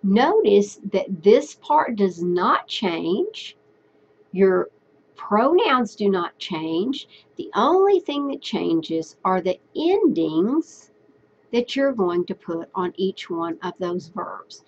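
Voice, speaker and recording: A woman teaching a recorded Spanish lesson, patiently explaining step by step and repeating phrases slowly. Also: mid-range voice, very animated, lo-fi sound, a little hiss or hum.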